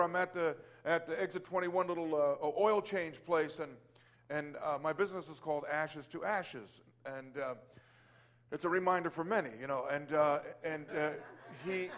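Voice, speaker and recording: A man's voice: on the high side, a bit bright. A man telling a casual faith testimony about praying for a client, rambling with many restarts and fillers and exclaiming Hallelujah. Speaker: Christian business owner sharing testimony.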